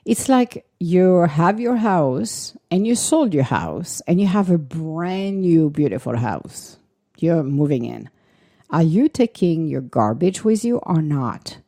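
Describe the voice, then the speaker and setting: A woman's voice: low-pitched, sing-song, slow, warm tone. A woman speaking casually and earnestly, laughing often and acting out little quoted exchanges as she gives advice. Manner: earnest advice with repeated emphasis. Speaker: astrology speaker. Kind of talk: casual spoken explanation.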